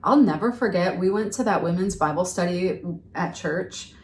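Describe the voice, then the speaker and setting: A middle-aged woman chatting earnestly as a podcast guest, explaining at length with lively asides. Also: lowish voice, normal speed. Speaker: podcast guest, friendship workshop leader. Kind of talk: casual conversational chat. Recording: roomy and a bit far from the mic.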